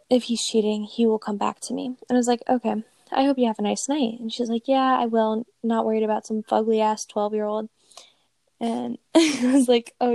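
A woman's voice: a little high, vocal fry, warm tone, dry recording. A young woman casually telling a profane, amused story and reading out chat messages aloud. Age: young adult.

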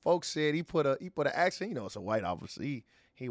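A man's voice: on the high side, sing-song, quick pace, no room sound, clean studio sound. A man from Chicago telling a story in a laid-back, slangy way, full of casual fillers. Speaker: podcast co-host.

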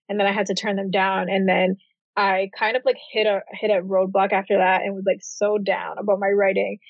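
A young adult woman, an author appearing as a guest, casually tells her story in an interview, chatty and filling her speech with lots of "like." Her voice is medium-pitched, and the audio is dull and dry.

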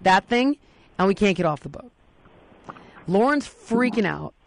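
Animated woman telling a story. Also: mid-range voice, measured pace, creaky. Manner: animated, acts out quotes. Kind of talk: casual storytelling.

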